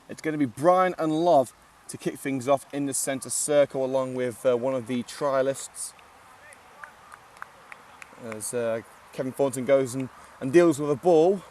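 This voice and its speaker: A man's voice: mid-range voice, darkish tone, far from the mic. A man giving casual live commentary at an outdoor football ground, chatty and joking with lots of filler "uh"s. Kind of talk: live amateur match commentary.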